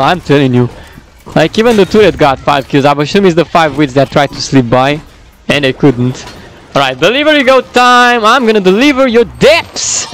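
High, lively excitable man gaming. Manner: excitable, whooping and shouting at the game. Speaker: gaming commentator. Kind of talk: excited let's-play commentary.

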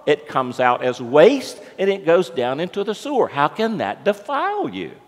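Man, pastor, conversational sermon, animated pitch, long church echo. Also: normal speed. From United States. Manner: conversational storytelling, asks the congregation questions. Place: church sanctuary.

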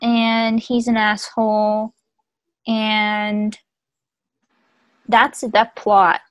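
A woman's voice: medium pitch, completely flat delivery, drawn-out words, dry recording, poor audio. A woman reading a story aloud to friends over a video call, chatty and self-deprecating. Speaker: reader. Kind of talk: casual comedic group reading.

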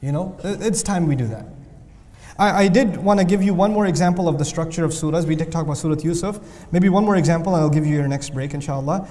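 A male teacher with a notably high voice lectures students in a big, echoing hall. He keeps things animated with joking asides, then drives points home by repeating them. The long reverb of the room trails after each phrase. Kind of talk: lively lecture with humor.

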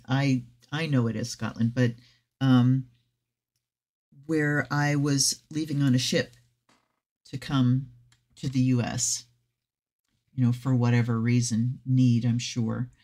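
A woman's voice: very deep voice, a little mellow. Chatty woman tarot reader, swearing. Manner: chatty and effusive, swearing, with frequent personal asides. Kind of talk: casual deck review reading aloud from a guidebook.

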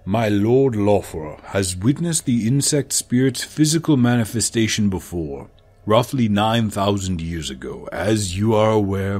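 A man voicing a deep-voiced male dragon envoy with a put-on German accent, speaking slowly and savoring each word. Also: darkish tone, slightly rough.

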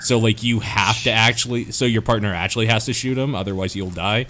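Dry, low-voiced man gaming. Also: fairly even intonation, fairly quick, bright, forceful tone, slight background noise. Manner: dry, wry and sarcastic. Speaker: co-op gamer. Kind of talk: casual gaming commentary.

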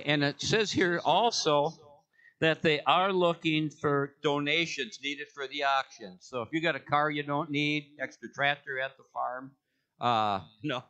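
A man reads out the church notices from the front of a sanctuary, cracking jokes and wandering off track. His voice sits a little high and sounds bright and forceful. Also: fairly even intonation, a little slow. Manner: joking, rambling, self-correcting. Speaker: church announcer. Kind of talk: casual church announcements.

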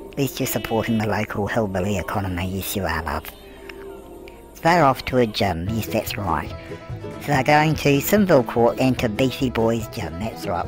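A man voicing a gossipy grandmother character, narrating a life-sim game with cheeky asides, calling everyone love and answering his own questions. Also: on the low side. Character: chatty elderly grandmother persona, cheeky and gossipy. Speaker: gameplay narrator. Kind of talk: comedic gameplay commentary. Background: background music.

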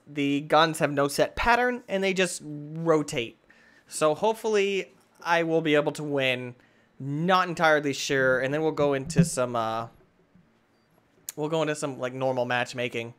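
A young man hosting gameplay commentary, swinging between loud outbursts and low muttering while he plays. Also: smooth. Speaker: gaming channel host.

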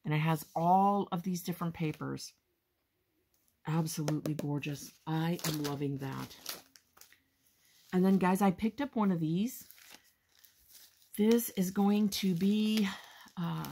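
A woman hosting a crafting haul video, chatting casually and gushing with excitement, often calling her viewers "guys". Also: on the low side, slow, vocal fry, pauses often, slight background noise. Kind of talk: casual show-and-tell haul chat.

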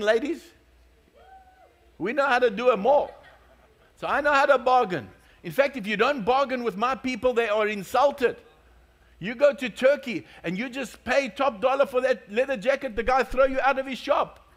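A male pastor preaching a sermon, telling stories and joking with his congregation. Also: very high voice. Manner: storytelling, joking, lively.

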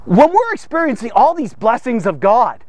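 A male host leads a daily devotional with lots of energy, asking his listeners question after question. His voice sits high and swings widely in pitch. The recording is dry and close, with no room sound. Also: normal speed, no echo. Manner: animated, conversational, rhetorical questions. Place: studio man cave set.

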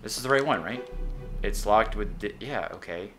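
A young man hosting a let's play, joking crudely and reacting excitably while he plays. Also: fairly low pitch, normal speed, faint music behind. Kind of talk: casual gameplay commentary.

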